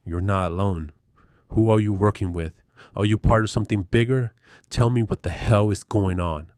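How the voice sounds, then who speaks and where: A man's voice: low-pitched, moderate pace, darkish tone, no room sound, clean studio sound, close to an everyday voice. A man voicing a stern middle-aged police captain who barks orders. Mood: barking. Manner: barking, commanding.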